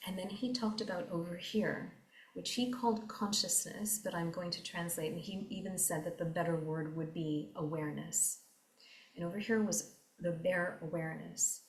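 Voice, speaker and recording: A woman giving an earnest, reflective talk on meditation, repeating phrases and slowing down for emphasis. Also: on the low side, fairly even intonation, roomy sound, poor audio. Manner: earnest, repetitive, slows down for emphasis. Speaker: meditation teacher.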